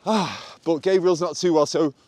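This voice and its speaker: A man's voice: a little high, steady tone, moderate pace, darkish tone, no echo. A man vlogging on a country walk outdoors, chatty and self-mocking, filmed on a handheld camera while walking. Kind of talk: rambling walk-and-talk vlog.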